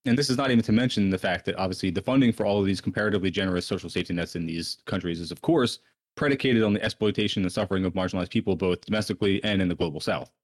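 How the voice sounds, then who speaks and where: A podcast host, a man with a very deep voice. He talks quickly in a brisk, chatty way. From United States. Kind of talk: casual podcast talk.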